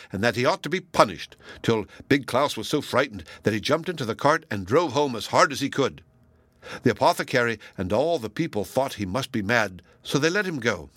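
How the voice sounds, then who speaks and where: A man reading a fairy tale aloud, with a lively delivery that briefly voices the characters. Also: mid-range voice, no room sound. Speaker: storyteller.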